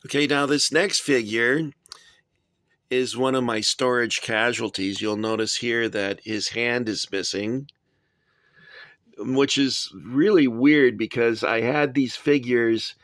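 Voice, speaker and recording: A man reviewing his toy soldier collection in a casual, chatty way, often pausing with "uh" and adding dry asides. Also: mid-range voice, a bit bright, dry recording. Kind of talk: casual show-and-tell review.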